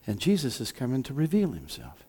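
A man preaching a sermon as pastor, impassioned, moving between hushed and loud delivery. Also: mid-range voice, huge pitch swings, brisk.

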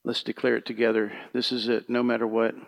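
Male pastor, gravelly, mid-pitched, swings from quiet murmured prayer to loud fervent exhortation. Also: monotone, brisk. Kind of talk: sermon with congregational worship.

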